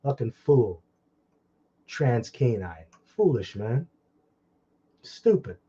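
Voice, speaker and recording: Scornful male preacher, dark voice. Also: medium pitch, big pitch swings, breathy edge, highs cut off. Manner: heated, scornful commentary with crude insults and short laughs; reads scripture slowly, then comments fast. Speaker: online preacher. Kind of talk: sermon reading and commenting on scripture.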